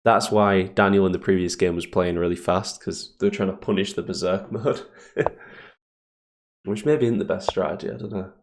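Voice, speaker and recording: Chess streamer, man, low gravelly voice; casual, halting commentary, lots of fillers. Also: steady tone, noisy background. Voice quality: deep gravelly morning voice. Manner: thinks aloud, hesitant fillers, chuckles often.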